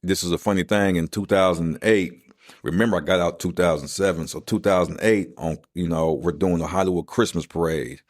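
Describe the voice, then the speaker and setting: Deep-voiced streetwise man telling his story. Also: brisk, dry recording, clean studio sound. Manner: animated storyteller, acts out quoted voices, streetwise slang. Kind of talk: casual storytelling.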